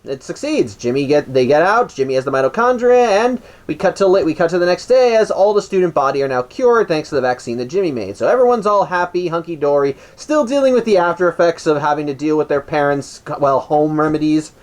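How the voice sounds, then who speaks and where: A man's voice: a little high, expressive, a little fast, few pauses. A man hosting a podcast, casually recapping a cartoon episode with wry asides and frequent restarts and self-corrections.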